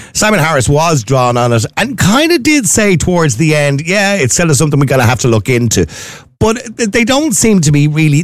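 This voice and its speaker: Lively, fast-talking host. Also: male voice, on the high side, no room sound, clean studio sound. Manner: chatty, digressive questioning. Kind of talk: political interview.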